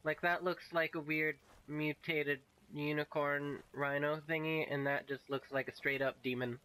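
A man's voice: fairly high pitch, little pitch movement, normal speed, bright, forceful tone, clean tone. A man giving casual, playful commentary while playing a game and chatting to the creatures on screen. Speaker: gaming video host.

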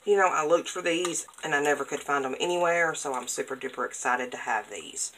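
A woman's voice: sits low, brisk, a bit bright, a little hiss or hum, low-quality recording. A woman vlogger, chatting casually as she unboxes craft mail, gushing and gasping with delight at each item. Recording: crinkling packaging and clicks over the voice.

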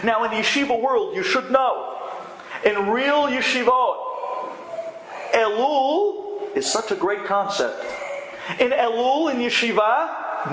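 A man, a rabbi, telling an inspirational story in a dramatic way, dropping to hushed tones and rising to loud exclamations. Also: extremely high pitch, expressive, takes it slowly, long pauses. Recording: echoey room with faint ambient noise.

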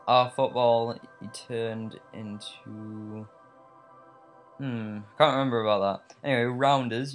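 Low-voiced English let's play host, slightly American-tinged, rambling gameplay voiceover over faint music. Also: male voice. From England. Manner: rambling and chatty, with many fillers and tangents.

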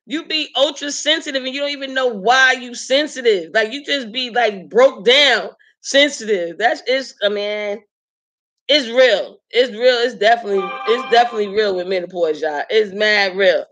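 A woman in her late forties hosting a live stream, chatting casually to her viewers with animated emphasis and frequent laughs. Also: on the high side, normal speed. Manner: animated, emphatic, talks straight to the audience; laughs often while telling stories.

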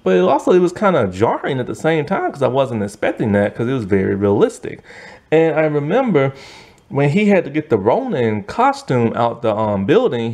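A man giving a casual, rambling review monologue with lots of fillers and frequent laughs, sounding tired. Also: medium pitch. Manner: rambling, animated, laughs often, many fillers. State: yawning, tired. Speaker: movie and TV reviewer.

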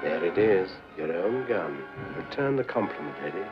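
An actor playing a proud, scheming Devil who talks in florid, grandiloquent phrases, in 1940s film style. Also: male voice, low voice, animated, normal speed, over loud music. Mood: coaxing. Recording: muffled 1940s film soundtrack.

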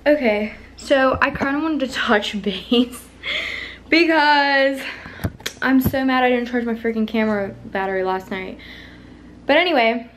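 Young woman vlogger, higher voice, bursts into excited squeals, cusses casually. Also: measured pace, background noise. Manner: excitable, swears a lot, squeals and shrieks. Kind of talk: casual vlog chat. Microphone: phone camera.

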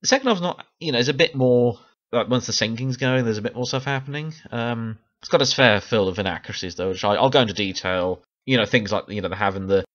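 A man's voice: medium pitch, expressive, quick pace, a bit bright, lo-fi sound. A man chatting casually about a TV miniseries, laughing often and restarting his sentences. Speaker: video essayist. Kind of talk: casual chat review.

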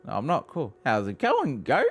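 A young man giving profane, excitable let's play commentary, laughing and mocking as he plays. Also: mid-range voice, normal speed, faint music behind. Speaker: gaming video host.

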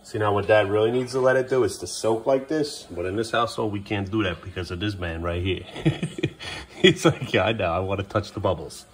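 A fairly low-pitched father speaks at a moderate pace while caring for his children in a kitchen family vlog, first coaxing them and then getting firm. He breaks off for chatty remarks to the camera, and a faint hiss or hum sits underneath.

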